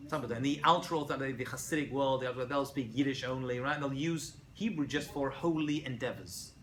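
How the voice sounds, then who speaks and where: A man, a rabbi, giving a casual classroom lecture to students, animated and often checking in with "right?". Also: mid-range voice, brisk. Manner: animated, asks students questions, frequent "right?". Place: college lecture room.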